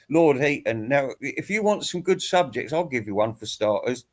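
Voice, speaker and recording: A man's voice: a little high, lively intonation, moderate pace, few pauses. A man giving a rambling, teasing, crude rant aimed at other online commentators. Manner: teasing, crude, laughs at own jokes. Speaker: YouTube commentator. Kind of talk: rambling mock-serious rant.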